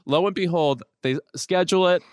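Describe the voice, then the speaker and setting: A man co-hosting a casual pop culture podcast, talking with wry, deadpan asides. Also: high voice, a little fast, smooth. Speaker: podcast co-host.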